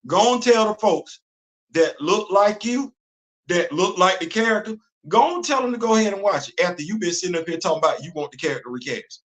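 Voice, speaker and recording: A high-pitched male host rants briskly and with animation during a casual livestream. His talk is packed with slang, repeated lines, and frequent laughter.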